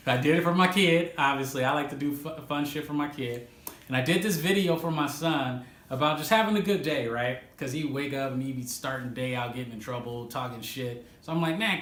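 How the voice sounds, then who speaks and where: A man hosting a casual advice vlog for music creators, swearing freely and laughing between points. His voice sits a little high. The room around him echoes. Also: fairly bright tone. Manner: profane, laughing, emphatic. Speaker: music producer and video host. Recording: roomy echo.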